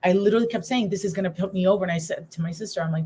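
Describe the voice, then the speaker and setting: A woman's voice: medium pitch, very fast, few pauses, warm tone, slightly rough. A middle-aged woman, a guest on a live talk show, telling her personal story while trying to hold back tears.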